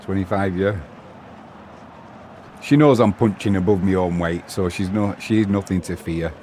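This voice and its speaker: Low-voiced English bloke chatting on a stream. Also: male voice, unhurried, darkish tone, slight background noise. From England. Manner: chatty, bantering, reads viewer messages aloud. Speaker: live match commentator and stream host. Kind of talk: casual live-stream commentary with chat banter.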